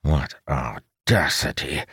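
A man voicing a proud fantasy commander, all clipped and bitter fury. His voice sits deep and gravelly, and it comes slowly and close to the mic with no room sound. This is storybook audiobook acting. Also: no room sound, full character voice. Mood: furious. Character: furious male military commander, adult.

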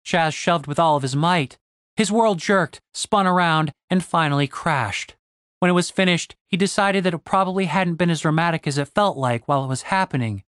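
A man reading a fantasy novel aloud in a steady storytelling voice. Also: a little high, normal speed, no echo, studio quality. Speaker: audiobook narrator. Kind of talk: scripted fantasy narration.

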